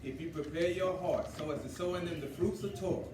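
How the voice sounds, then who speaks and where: A man reading scripture aloud as a study partner, steady in his reading. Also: fairly high pitch, fast. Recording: echoey room, far from mic, noisy.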